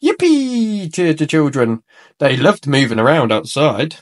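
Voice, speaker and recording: A man reading a children's storybook aloud in an expressive, animated way. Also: mid-range voice, moderate pace.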